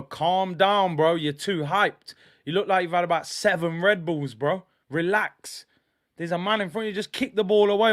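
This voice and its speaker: A young man streams his own running commentary on a football match. His voice sits high for a man, and he talks straight to his viewers in slangy fan chatter. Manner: animated fan, shouts and exclaims when play goes wrong. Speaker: football watch-along streamer.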